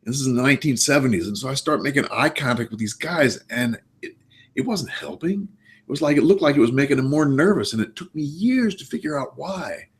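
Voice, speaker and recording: A man's voice: medium pitch, lively intonation, a little fast. A man in his sixties, a therapist guest in a casual interview, explaining his points emphatically with anecdotes.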